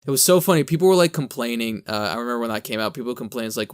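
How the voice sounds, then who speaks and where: A man's voice: medium pitch, expressive, very fast, hardly any pauses, clear, resonant tone. A man co-hosting a podcast in casual chat, rambling and correcting himself, with a slight lisp. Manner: rambling, self-correcting, laughs at own jokes. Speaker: podcast co-host.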